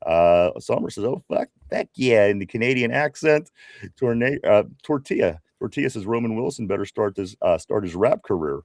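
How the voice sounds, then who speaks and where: A man with a Pittsburgh accent co-hosts a live sports podcast, reading viewer comments aloud in a chatty, casual live-stream style full of fillers and restarts. His fairly low voice is brisk and a little mellow, with lively intonation. The recording is dry and studio quality.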